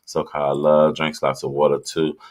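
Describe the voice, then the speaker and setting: Deep-voiced man chatting on a livestream. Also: completely flat delivery, moderate pace, a little mellow. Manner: loose, chatty, talks straight to viewers. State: drinking while streaming. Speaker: livestream host reading viewer comments. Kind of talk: casual live chat.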